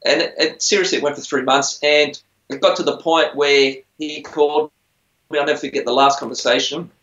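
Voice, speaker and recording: A man's voice: a little high, fairly even intonation, brisk, fairly bright tone. Chatty man in a roomy space. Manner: rambling, chatty, self-deprecating. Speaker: musician on a TV singing show. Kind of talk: casual interview storytelling. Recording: roomy, dull lo-fi sound.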